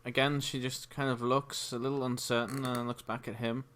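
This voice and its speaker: A man narrating a tabletop game as game master, with a measured delivery and frequent ums and uhs. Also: medium pitch, flat delivery, a bit bright.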